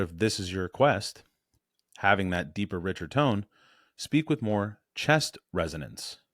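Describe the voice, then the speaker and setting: A man coaching on voice and presence in a blunt, animated, casual way, correcting himself as he goes. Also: fairly low pitch, no room sound, studio quality.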